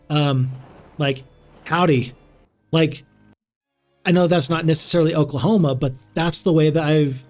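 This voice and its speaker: A man's voice: a little high, darkish tone. A man streaming a strategy game, chatting loosely with viewers and reading their messages aloud, with many fillers and restarts. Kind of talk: casual gameplay stream chat.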